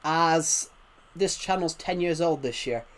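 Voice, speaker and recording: A man's voice: fairly high pitch, takes it slowly, a bit bright. A man in his twenties with a thick rural British accent, chatting casually and rambling to his chat as a game streamer. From United Kingdom. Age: 20s.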